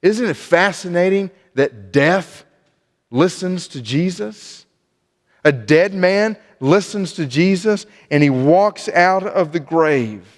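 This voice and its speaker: A man's voice: high-pitched, lively intonation, slow. A man preaching a sermon in a church, earnest, often restarting and repeating words as he speaks. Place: church sanctuary. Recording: long church reverb.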